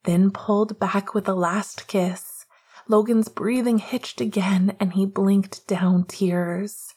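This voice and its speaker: A woman reading romance narration in a hushed, half-whispered voice. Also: mid-range voice, fairly even intonation, slow, husky. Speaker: audiobook narrator.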